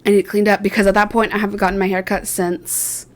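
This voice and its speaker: A young woman talks straight to her viewers in a loose, rambling vlog. She tells her story in a chatty, self-mocking way, full of fillers and quick asides. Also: mid-range voice, level tone. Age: young adult. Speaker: vlogger.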